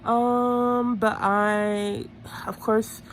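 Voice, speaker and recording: A woman's voice: a little high, little pitch movement, drawn-out words, slight background noise. A woman chatting casually through a TV episode recap, gossipy and full of "like"s, often correcting herself mid-sentence. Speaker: reality TV recap vlogger.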